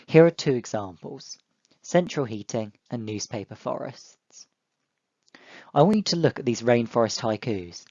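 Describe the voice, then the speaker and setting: Young male teacher, dry close mic, mid pitch, clear and encouraging with children. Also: expressive, measured pace, darkish tone, no room sound, muffled recording. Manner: clear, encouraging, speaks to pupils directly. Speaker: primary school teacher. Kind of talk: online lesson for children.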